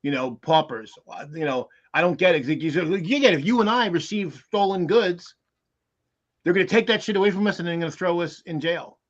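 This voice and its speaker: A man's voice: high-pitched, lively intonation, brisk. A man co-hosting a casual podcast chat, talking emphatically with frequent restarts. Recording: dull lo-fi audio.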